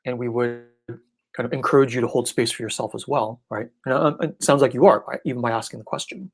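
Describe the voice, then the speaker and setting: A man acting as a spiritual teacher in a casual live online Q&A, relaxed and irreverent, often checking in with "right?". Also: medium pitch, fairly quick.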